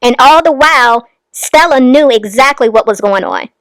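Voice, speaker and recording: A woman host giving pointed, critical commentary in a deliberate way. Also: high-pitched, expressive, fairly bright tone, no room sound.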